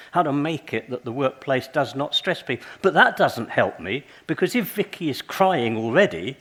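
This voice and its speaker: An older man giving a conference talk, telling stories and acting out little dialogues. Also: a little high. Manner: lively storytelling, acts out dialogues. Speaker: conference speaker.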